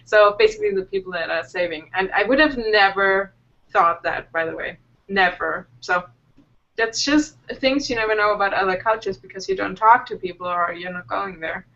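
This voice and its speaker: A woman's voice: medium pitch, expressive, normal speed, gravelly, fairly bright tone. A woman, a native German speaker from southern Germany, chatting casually and playfully as co-host of a live web show. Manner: chatty and playful, laughs easily. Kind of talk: casual chat. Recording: dull lo-fi stream audio.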